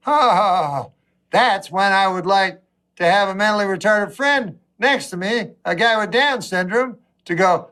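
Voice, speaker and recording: A man doing a rambling, wry stand-up routine, swinging between low mutters and a raised voice. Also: expressive, moderate pace, sharp tone. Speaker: stand-up comedian.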